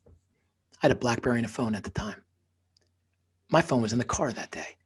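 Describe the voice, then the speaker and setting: A man's voice: medium pitch, moderate pace, long pauses, breathy edge. A man who is a podcast guest and author, telling a personal story emphatically, sometimes dropping into a whisper for effect.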